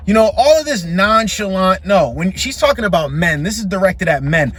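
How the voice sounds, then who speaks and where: Blunt, high-voiced male vlog host. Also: animated, a little fast, few pauses, fairly bright tone. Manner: blunt, preachy, talks straight to the guys. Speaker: dating commentary host. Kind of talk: casual commentary vlog.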